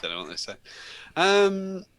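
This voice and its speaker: Sweary, bright-voiced English home counties man. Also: sits high, a little slow, clean tone, no room sound. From England. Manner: sweary, laughs often, animated storyteller. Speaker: host of a live vape show. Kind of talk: casual chat.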